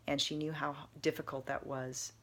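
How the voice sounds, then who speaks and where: Low, gravelly-voiced woman telling a story. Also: flat delivery, normal speed. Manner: earnest, meandering with restarts and soft emphatic repetition. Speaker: vlogger. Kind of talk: casual storytelling to camera.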